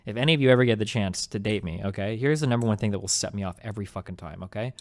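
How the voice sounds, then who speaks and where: A man's voice: lowish voice, very fast, darkish tone. A young man streaming, talking casually and bluntly with lots of swearing and rambling fillers. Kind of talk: casual profane chat on stream.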